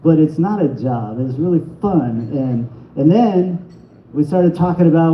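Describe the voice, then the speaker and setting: A fairly high-voiced man talks his way through a stand-up set, halting and restarting as he rambles and mocks himself. He is recorded in an echoey small bar with a muffled, lo-fi sound. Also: lively intonation. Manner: rambling, self-deprecating, halting delivery with restarts. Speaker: stand-up comedian at an open mic. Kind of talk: stand-up set with crowd work. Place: small bar comedy venue.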